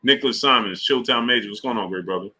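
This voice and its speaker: Animated, bright-voiced man hosting a live stream. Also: medium pitch, fast. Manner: animated, talks to chat viewers by name. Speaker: sports live-stream host. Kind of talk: casual live-stream commentary.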